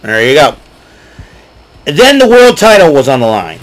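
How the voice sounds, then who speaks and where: Male solo podcast host, excitable and conversational, frequent throat clearing. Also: on the high side, normal speed, rough recording. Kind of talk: casual solo recap.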